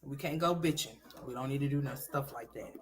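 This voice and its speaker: A woman hosting a casual livestream chat, loud and scolding one moment and joking the next. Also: rumbling low, a little fast. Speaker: livestream host.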